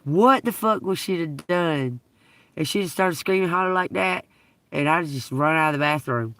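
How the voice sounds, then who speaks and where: A woman telling profane, laughing stories on a casual livestream, breaking into loud outbursts. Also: low-pitched, moderate pace, dry recording, far from the mic. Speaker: livestream host. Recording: dry, from away from the mic.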